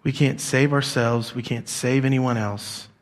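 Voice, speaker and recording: Unhurried, a middle-aged man preaches in church as the congregation's pastor, guiding call-and-response and shifting from gentle, low emphasis to louder, more excited passages.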